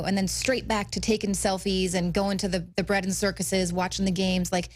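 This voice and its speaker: A woman's voice: mid-range voice, flat delivery, moderate pace, hardly any pauses. A woman reporter co-hosting a talk show, speaking in a frustrated, indignant tone. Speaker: reporter and co-host.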